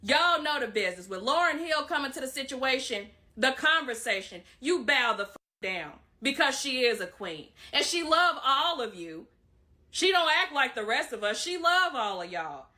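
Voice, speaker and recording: Woman, fairly high and bright, bluntly scolding in a rant clip. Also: sing-song, normal speed.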